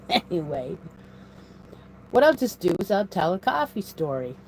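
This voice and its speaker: A woman's voice: on the low side, very animated, measured pace, darkish tone, slight background noise, low-quality recording. A woman hosting a casual live stream, rambling and laughing often, speaking into a phone propped on her desk in a room at home. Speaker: crochet channel host.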